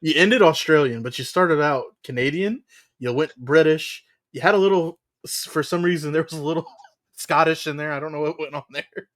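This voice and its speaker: A man's voice: a little high, moderate pace, a bit bright. A man co-hosting a casual wrestling podcast, rambling through the news with frequent "uh"s and laughs. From United States. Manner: rambling, laughs often, lots of filler "uh". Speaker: podcast co-host.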